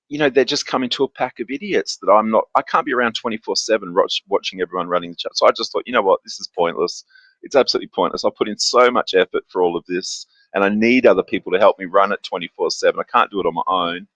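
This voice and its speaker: A man's voice: lowish voice, fairly bright tone, dry recording, muffled recording. A man telling a story in casual live-stream chat, bluntly and with frustration, with swearing and many fillers. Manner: uses filler words often. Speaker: guest.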